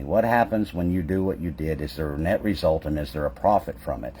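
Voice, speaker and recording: A man with a very low voice speaks with fervent conviction, pressing his points through repeated rhetorical questions. Faint background noise sits under his direct-to-camera address. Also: brisk, hardly any pauses, dark tone. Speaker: public adjuster business owner.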